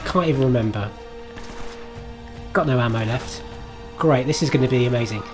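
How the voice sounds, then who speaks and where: A man's voice: mid-range voice, moderate pace. Guy streaming a game, laughing at himself, cursing, chatting to chat, bit of music underneath. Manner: self-mocking, chatty, swears and laughs at his own play. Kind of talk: live gameplay commentary.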